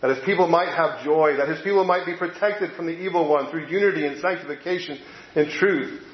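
Casting: middle-aged male pastor, slightly high voice, chatty halting sermon delivery, echoey dull recording. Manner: conversational, halting with fillers and restarts. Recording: echoey, dull lo-fi room sound.

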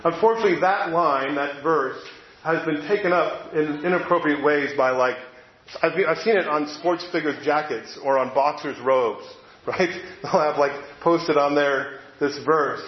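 A man's voice: fairly high pitch, moderate pace. Man preaching in an echoey room. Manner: conversational, reads quotes aloud, occasional repeated words. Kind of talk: sermon. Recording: echoey room, slightly dull sound.

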